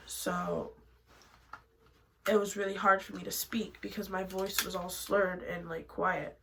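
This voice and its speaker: Young woman vlogging, chatty story, goes quiet then loud, bit of faint hiss. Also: medium pitch, poor audio. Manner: animated, swings between hushed asides and sudden loud bursts. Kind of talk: casual storytelling.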